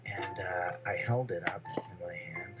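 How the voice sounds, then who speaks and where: A low-pitched man from New York tells a long story, stopping often with fillers and drifting between details. Music plays clearly behind him. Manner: rambling, halting with many fillers. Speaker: comedian guest. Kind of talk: storytelling anecdote.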